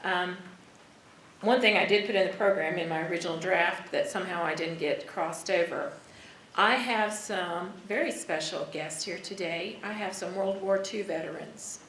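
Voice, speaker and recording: A woman's voice: lowish voice, moderate pace, fairly bright tone, slight background noise. A woman speaking folksily and affectionately at a ceremony in a senior center hall, as the local veterans affairs officer. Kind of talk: informal ceremony speech. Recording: echoey hall with crowd murmur.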